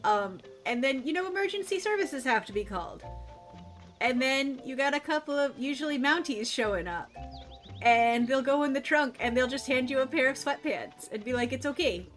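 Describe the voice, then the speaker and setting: Chatty woman streamer, bright voice. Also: high voice, animated, moderate pace, faint music behind. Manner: rambling, chatty, laughs often. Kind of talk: casual chat while gaming.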